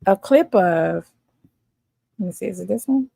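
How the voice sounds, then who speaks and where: A woman's voice: medium pitch, lively intonation, measured pace, vocal fry, warm tone, slight background noise. A woman hosting a casual live stream, chatting and laughing often as she reacts to clips.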